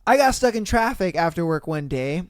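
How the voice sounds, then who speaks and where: A man's voice: high voice, sing-song, normal speed, no room sound, studio quality. A man hosting a podcast who reads dating stories aloud and reacts with slangy, exclamatory rants, calling his listeners bro. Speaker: podcast host. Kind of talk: casual reaction commentary.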